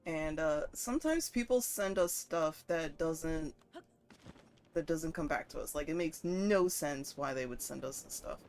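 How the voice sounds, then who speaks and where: A woman streamer chatting casually and profanely while she plays a game, getting worked up and loud at times. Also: low voice, a little slow. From northern United States. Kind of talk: casual gaming stream chat.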